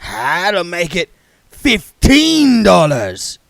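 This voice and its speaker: A man voicing a shifty beggar who talks high, slow and drawn-out. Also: huge pitch swings, vocal fry, fairly bright tone, no room sound, heavily acted. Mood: sly.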